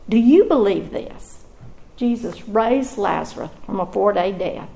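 Gravelly-voiced woman teaching scripture. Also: mid-range voice, animated, measured pace, warm tone, rough recording. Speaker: Bible teacher.

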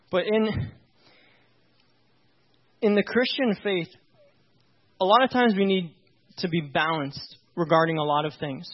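A man preaching a conversational sermon, informal and emphatic, often checking in with his listeners. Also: high-pitched. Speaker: pastor. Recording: dull lo-fi recording.

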